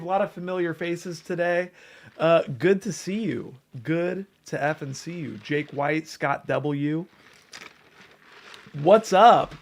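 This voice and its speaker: A man hosting a casual livestream, reading viewers' names aloud and chatting in an excitable, profane way. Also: high voice. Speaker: livestream host.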